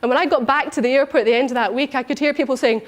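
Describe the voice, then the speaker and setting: A personal development coach, this woman has a high, animated voice and talks rapid-fire. Telling personal stories, she acts out her own thoughts in little voices.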